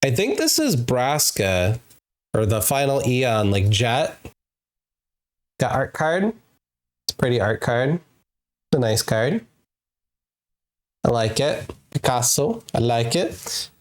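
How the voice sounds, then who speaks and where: Playful streamer with a lively voice. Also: female voice, rumbling low. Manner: playful, giggly, drawn-out teasing repetitions. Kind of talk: casual live-stream chat while gaming.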